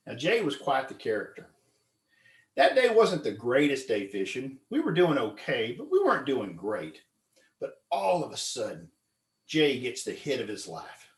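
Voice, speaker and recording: A man telling a fishing story as a club speech, animated, acting out his friends' voices with loud high yells. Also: roomy sound. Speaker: club speaker. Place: meeting room.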